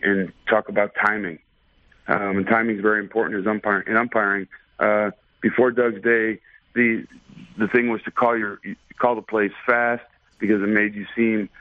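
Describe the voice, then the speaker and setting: A man, a baseball umpire, telling stories in a relaxed, thoughtful way with many fillers during a radio interview. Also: lowish voice, no echo. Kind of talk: casual storytelling in a radio interview. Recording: dry phone line.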